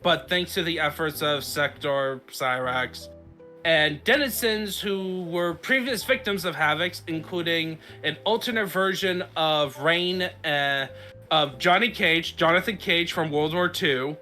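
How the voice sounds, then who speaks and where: A man hosts a casual podcast, recapping a story in a loose, rambling way full of fillers and restarts. His voice sits a little high and sounds forceful. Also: measured pace, soft background music. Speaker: podcast host.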